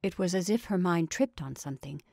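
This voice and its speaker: Female storyteller, low gravelly read-aloud voice, measured and soft. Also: lively intonation, no echo, clean studio sound. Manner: measured, soft, drops to whispers. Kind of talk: reading a short story aloud.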